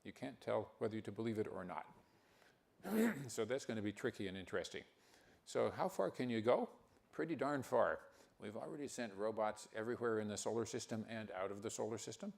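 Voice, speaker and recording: An older man giving a conference talk, speaking haltingly with many fillers and restarts. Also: on the low side, lively intonation, vocal fry. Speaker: keynote speaker.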